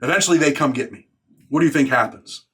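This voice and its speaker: Brief: New man, blunt and streetwise, slightly high-pitched storyteller. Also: animated, quick pace, a bit bright, breathy edge. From New York. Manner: blunt, profane, street talk. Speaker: YouTuber recounting prison life. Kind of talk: casual storytelling monologue.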